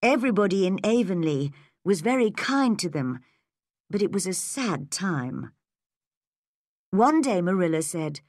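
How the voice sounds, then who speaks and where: A woman reads a storybook aloud for English learners, slow, clear and measured. Her pitch moves in a lively way, and the close recording is dry. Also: no room sound. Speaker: narrator.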